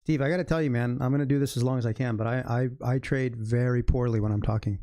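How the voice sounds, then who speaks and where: A man's voice: medium pitch, steady tone, fast, warm tone, dry recording, studio quality. A man trading live and talking to his viewers, muttering to himself, swearing and scolding himself over his mistakes. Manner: frustrated, swearing, self-critical muttering. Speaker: livestream day trader. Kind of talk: casual live commentary while trading.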